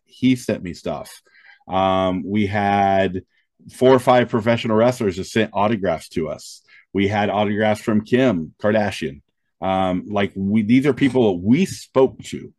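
A man's voice: fairly low pitch, no echo. A man, a stand-up comedian, telling stories in an interview, full of quoted dialogue and frequent "um" fillers. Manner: animated anecdotes with quoted dialogue. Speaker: guest, stand-up comedian and show host. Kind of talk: storytelling interview talk.

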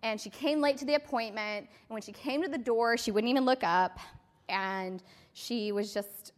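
A woman's voice: a little high, normal speed. A woman team leader giving a motivational talk to her sales team, telling stories in a chatty way full of fillers. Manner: chatty, filler-heavy storytelling. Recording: long hall reverb.

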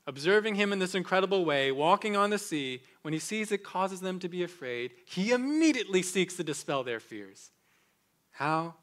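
Expressive pastor, somewhat high voice. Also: male voice. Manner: dramatic swings between loud emphasis and hushed lows. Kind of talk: sermon.

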